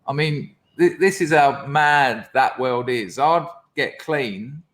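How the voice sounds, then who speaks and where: A man tells his story as a podcast guest. He speaks bluntly and swears freely, at an ordinary pitch for a man. He slips into the voices of the people he quotes. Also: takes it slowly, fairly bright tone. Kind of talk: candid storytelling interview.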